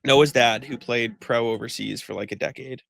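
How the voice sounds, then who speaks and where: Gravelly man ranting on a podcast. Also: medium pitch, moderate pace, fairly bright tone. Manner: rambling storytelling with many "like" fillers and swearing; exasperated ranting. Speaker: podcast co-host. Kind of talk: casual chat.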